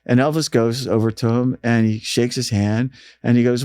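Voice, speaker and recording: A man guesting on an interview, telling anecdotes in a casual, animated way and acting out the people he quotes. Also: mid-range voice, fairly quick, few pauses, dry recording, clean studio sound. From United States. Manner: animated storyteller, acts out quoted voices. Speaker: radio programming manager, interview guest.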